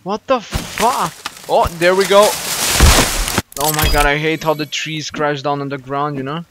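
A man's voice: a little high, moderate pace, very noisy. Jumpy young man voicing gameplay commentary. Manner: excitable, jumpy, swears when startled. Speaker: gaming YouTuber. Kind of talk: first-play horror game commentary.

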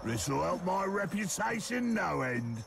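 An actor playing a cocky, gloating male orc captain in a video game, speaking slowly with a sneer. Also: high-pitched, very animated, gravelly, a bit bright, slight background noise, exaggerated voice. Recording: game audio heard from afar, crowd behind.

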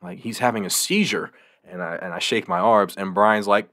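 A young man co-hosting a podcast, telling stories in a casual, animated way and acting out the people in them. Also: fairly low pitch, normal speed. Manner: animated storyteller, acts out quoted voices. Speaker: podcast co-host. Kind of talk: casual chat, storytelling.

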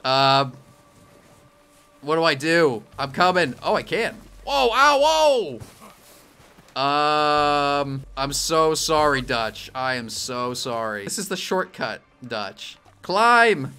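An excitable young man narrates his own gameplay with a lively, bouncing voice and a bright, forceful tone. He jokes and yelps as the action unfolds, with faint game music playing underneath. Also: fairly high pitch, takes it slowly, gravelly, smooth. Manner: animated, jokey, yelps and apologizes loudly. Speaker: streamer playing a video game. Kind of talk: game commentary.

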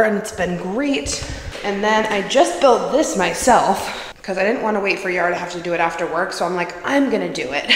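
A young woman talking straight to her camera in a loose, chatty vlog style, peppering her sentences with likes and ums. Her voice sits in an ordinary middle pitch, and she drifts into soft cooing baby talk when addressing her dog. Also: slight background noise, rough recording. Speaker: lifestyle vlogger. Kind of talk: casual vlog chat.

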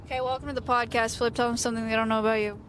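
A woman's voice: on the high side, little pitch movement, very fast. A woman hosting a casual livestream from a car, teasing her companion in playful banter on a clip-on mic. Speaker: streamer host. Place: inside a moving car. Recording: loud road noise in a car.

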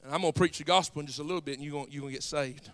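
A Southern-accented pastor delivers a folksy, storytelling sermon. His voice sits high for a man and rings bright and forceful, rising at times into shouted preaching. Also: rapid-fire. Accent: Southern US, South Georgia.

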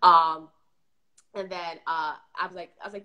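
A woman guest telling a personal story in a lively, casual way, acting out what people said. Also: lowish voice, normal speed, pauses often. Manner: lively, acts out quoted voices; casual, frequent "you know what I'm saying".

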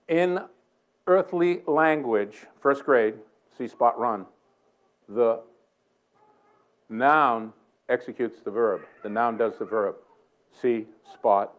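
An older man with a Boston accent, preaching a sermon in a church in a joking, conversational way with quick asides. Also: lowish voice, muffled recording. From Boston area. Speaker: guest preacher. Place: church sanctuary.

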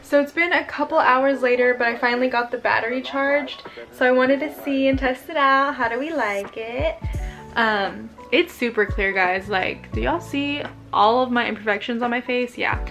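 A young woman vlogging to her camera in an excitable, chatty way, full of "like". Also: fairly high pitch, normal speed. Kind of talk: casual vlog chat. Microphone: handheld camera. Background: background music.

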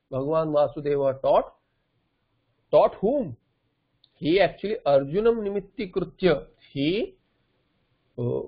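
A man with a high voice gives a scripture lecture, putting questions to himself and answering them. The recording is dull and lo-fi. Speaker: Vedanta teacher.

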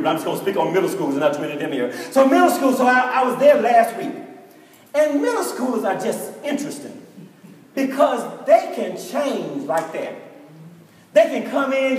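A middle-aged man preaching a sermon with storytelling, animated and acting out conversations. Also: extremely high pitch. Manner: animated preacher, acts out students in dialogue. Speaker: pastor. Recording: echoey hall from far off.

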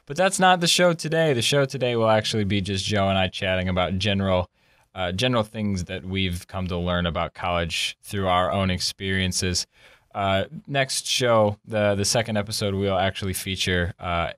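A young man hosting a casual college podcast, relaxed and rambling with lots of fillers. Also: low voice, moderate pace, no room sound, clean studio sound. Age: young adult. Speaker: podcast host. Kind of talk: casual chat. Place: college campus.

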